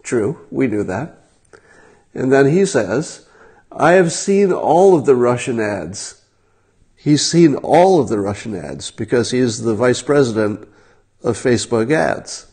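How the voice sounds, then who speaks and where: A man's voice: medium pitch, sing-song, measured pace, darkish tone, breathy edge. Wry man talking to his livestream viewers. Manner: wry, incredulous, talks straight to viewers. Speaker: livestream host. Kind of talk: casual livestream commentary.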